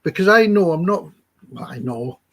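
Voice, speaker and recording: A slightly high, husky male voice, recounting personal stories to an interviewer. He is chatty and acts out each quoted line of dialogue, and the sound is close and dry. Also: lively intonation, normal speed, no echo. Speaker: psychic healer guest. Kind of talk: anecdotal storytelling in an interview.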